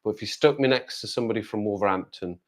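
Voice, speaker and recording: Speaking quickly with a fairly low pitch, this livestreamer rambles casually through viewer comments. He's from the West Midlands, England, and has a Black Country accent.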